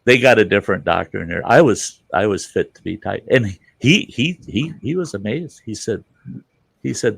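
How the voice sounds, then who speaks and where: A man hosting a live stream, telling stories in casual chat, animated and swearing freely, laughing as he goes. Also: fairly low pitch, moderate pace, gravelly, breathy edge, no echo.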